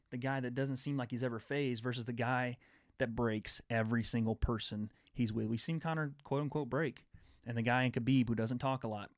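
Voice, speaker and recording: A man's voice: mid-range voice, dry recording. Young man rambling about fights, dry sound. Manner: rambling, enthusiastic fight talk. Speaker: host. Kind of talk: casual sports chat.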